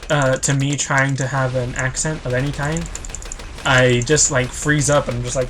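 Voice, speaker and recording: A man's voice: mid-range voice, normal speed, noisy background. A man chatting through a video game as a let's play host, rambling and self-conscious, laughing easily. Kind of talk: casual gameplay commentary.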